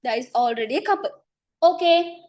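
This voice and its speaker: High-voiced tutor woman, losing her voice. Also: animated, fairly quick, a little mellow. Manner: repetitive, checks understanding often. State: losing her voice, clearing throat. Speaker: chemistry tutor. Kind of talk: online class teaching.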